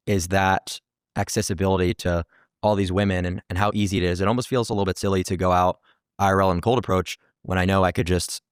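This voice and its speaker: A man's voice: sits low, smooth, no room sound, studio quality. A man talking casually and easily, with plenty of fillers. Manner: relaxed, with many fillers. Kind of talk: casual talk.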